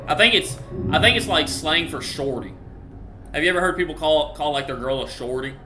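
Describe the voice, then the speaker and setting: A man's voice: a little high, animated, brisk, pushed and bright, soft background music. A young man streaming a game, chatting casually with slang and jokes at a desk mic. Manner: chatty, joking slang asides. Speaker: gaming streamer. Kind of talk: casual live-stream commentary. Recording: echoey room.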